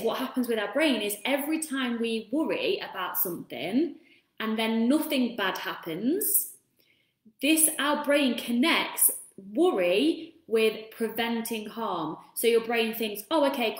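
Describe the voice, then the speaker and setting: A woman hosting a casual self-help talk, chatting freely and breaking off to greet viewers. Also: fairly high pitch. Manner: chatty, warm asides to viewers. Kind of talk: casual live-stream talk. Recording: roomy echo.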